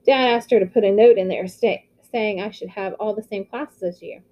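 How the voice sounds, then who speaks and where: A woman reading aloud, voicing an eager, excited teenage boy telling a friend his news, on a slightly muffled recording. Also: mid-range voice, normal speed, natural voice.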